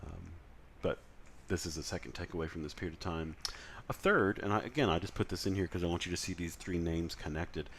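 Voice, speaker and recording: A man's voice: sits low, fairly quick, hardly any pauses, a bit bright, slight background noise. A man lecturing in a conversational way, with frequent fillers and self-corrections. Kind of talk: recorded lecture.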